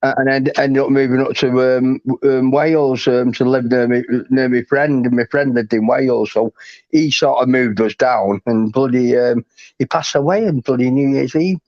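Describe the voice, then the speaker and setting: A man's voice: medium pitch, fairly even intonation, moderate pace, a little mellow, dry recording, highs cut off. Rambling northwest English man, swearing. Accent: Warrington, northwest English. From Warrington, England. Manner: rambling, full of fillers and swearing. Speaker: live stream host. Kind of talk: casual chat.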